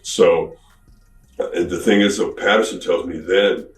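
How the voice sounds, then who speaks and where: A man casually telling an anecdote as a podcast guest, slangy and animated, recorded from a distance in an echoey room. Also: low-pitched, measured pace, faint music behind. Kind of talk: storytelling anecdote.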